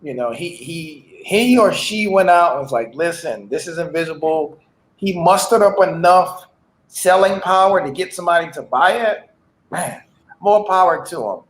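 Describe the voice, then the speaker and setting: A man's voice: sits high, expressive, moderate pace. A man on a podcast, laid-back and drawling, often adding "man" as he jokes. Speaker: podcast guest. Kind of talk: casual comedic chat. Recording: echoey room.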